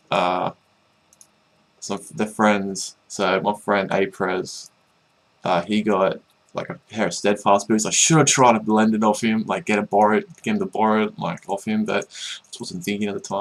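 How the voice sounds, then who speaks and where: Young man, lowish voice, casual rambling storytelling, amused, lots of fillers. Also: low-quality recording. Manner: rambling, laughing, many fillers and restarts. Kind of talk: casual storytelling about a game.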